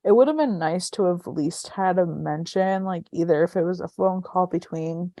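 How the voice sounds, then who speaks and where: A woman's voice: lowish voice, moderate pace, dark tone, no room sound, clean studio sound. A woman co-hosting a podcast, chatting casually as she retells scenes of a TV episode with lots of fillers. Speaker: podcast co-host. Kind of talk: casual chat recapping a TV episode.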